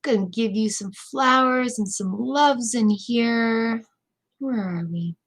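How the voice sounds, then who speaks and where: A woman's voice: a little high, takes it slowly. A middle-aged woman giving a live tarot reading, chatty, emotional and rambling with fillers. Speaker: tarot reader.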